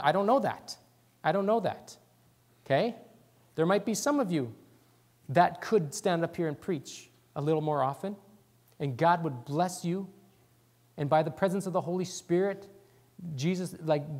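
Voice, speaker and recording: Excitable fast-talking man preaching. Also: high voice. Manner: talks fast and excitedly, drops words. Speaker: pastor. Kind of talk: sermon.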